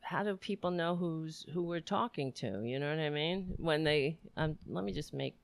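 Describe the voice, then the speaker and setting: A woman's voice: low voice, moderate pace, vocal fry, no room sound. A woman from the US co-hosting a live stream, chatting casually, laughing often and swearing freely. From USA. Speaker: co-host.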